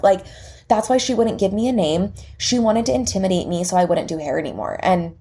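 A young woman hosting a podcast, telling a personal story in a lively way and acting out the dialogue. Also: medium pitch, fairly quick. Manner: lively retelling that acts out quoted dialogue. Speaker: podcast host and salon owner. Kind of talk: casual storytelling.

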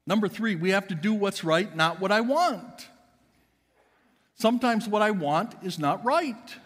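A pastor delivering an emphatic sermon in a church, swinging between loud and hushed. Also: male voice, high voice, lively intonation, measured pace, in a large hall. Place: church sanctuary.

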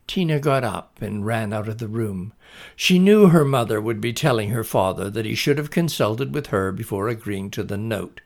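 A man reading a children's story aloud at a slow, deliberate storybook pace. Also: fairly low pitch, expressive, gravelly.

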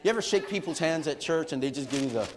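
Brief: middle-aged male pastor, high voice, lively sermon storyteller who laughs. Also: quick pace. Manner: animated, laughing storyteller acting out quotes.

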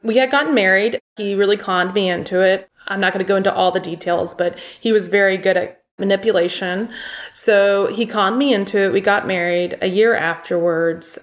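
A woman's voice: medium pitch, fairly even intonation, normal speed. A young woman, a guest in an interview, telling her own story in a candid, plainspoken way. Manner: candid and plainspoken, recounting events.

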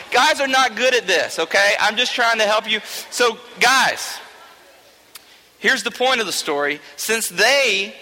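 High, bright-voiced joking man in echoey hall. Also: normal speed. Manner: joking, chatty, often checks in with 'okay?'. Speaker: youth teacher. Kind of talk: informal talk to a youth group. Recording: long reverb of a large hall.

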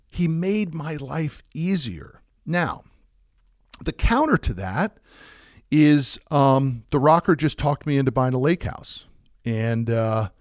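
A man's voice: a little high, dry recording, studio quality. Conversational man telling a business story. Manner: conversational, frequent restarts and fillers. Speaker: business owner talking about sales. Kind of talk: casual storytelling monologue.

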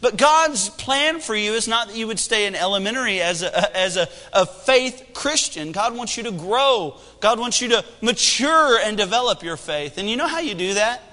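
A man in his thirties preaching a sermon with animated delivery and humor. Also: high-pitched, normal speed, hardly any pauses, long reverb tail. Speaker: pastor.

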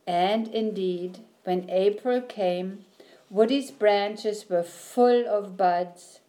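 Woman reading a kids storybook, slow and soft, dark mellow tone. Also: mid-range voice. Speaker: narrator. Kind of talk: children's storybook read-aloud.

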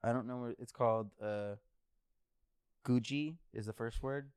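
A young adult man hosting a podcast in casual chat, teasing and laughing, jumping way up in pitch when he quotes people. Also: fairly even intonation, measured pace, darkish tone, smooth, no echo. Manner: teasing, laughing, quoting with big pitch jumps. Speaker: podcast host.

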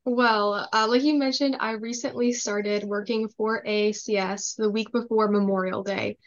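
A woman's voice: medium pitch, fairly even intonation, moderate pace, highs cut off. Young woman from Minnesota, friendly. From Minnesota, USA. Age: 20s. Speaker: guest, government relations assistant. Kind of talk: casual podcast interview.

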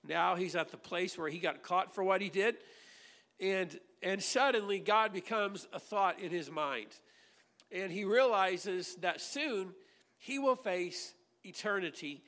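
A man with a high voice preaches a sermon, earnest and given to repeating himself as he reads and explains scripture. His words ring with a long reverb, as in a church hall. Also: unhurried, fairly bright tone. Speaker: pastor.

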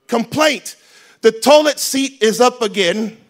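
A man preaching a sermon as pastor in a church, animated and joking, switching between loud emphasis and quiet asides. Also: very high voice. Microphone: handheld microphone.

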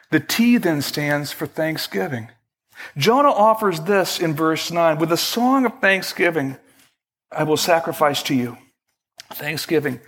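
A man preaching a sermon as pastor, measured and emphatic, slowing down for prayerful quotes. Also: a little high, a bit bright. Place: church sanctuary.

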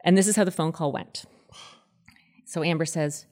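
Female podcast host, thirties, low voice, chatty and animated true-crime teller. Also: moderate pace. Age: 30s. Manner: chatty, animated, acts out quoted people in a higher voice. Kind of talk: casual true-crime storytelling.

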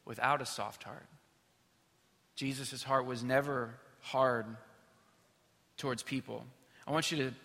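Bright-voiced male pastor in a hall. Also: medium pitch. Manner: conversational, self-deprecating storytelling with many fillers. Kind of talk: sermon. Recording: reverberant hall.

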